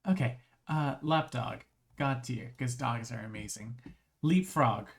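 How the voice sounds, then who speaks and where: A live streamer in casual chat, rambling and restarting phrases, voice strained with frequent throat clearing. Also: mid-range voice, measured pace.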